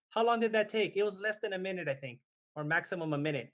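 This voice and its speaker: In a temple hall, a meditation teacher in his thirties guides a breathing practice and gives a Dhamma talk. His voice is high, bright, and lively, and he speaks fast while patiently checking in with listeners often.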